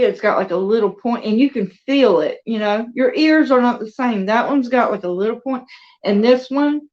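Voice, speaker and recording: A woman with a fairly high voice chats slowly and easily to her viewers. She sits in her dining room at home and talks to her pets between thoughts. The recording sounds dull and lo-fi. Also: a little mellow. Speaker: crafter and video host. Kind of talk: casual chat to viewers.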